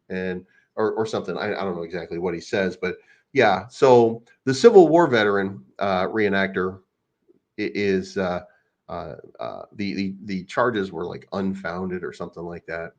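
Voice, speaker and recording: A man's voice: low voice, expressive, normal speed. A man hosting a crypto channel, ranting casually in a rambling, crude, mocking way. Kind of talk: casual unscripted rant. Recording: dull lo-fi recording.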